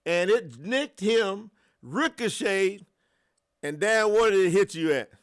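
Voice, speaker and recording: A man in his thirties from the US South with a Southern accent, hosting a livestream and chatting with his viewers in an animated way. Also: high-pitched, slow pace. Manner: animated, laughing, talks to the chat. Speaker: life coach, livestream host. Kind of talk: casual livestream chat.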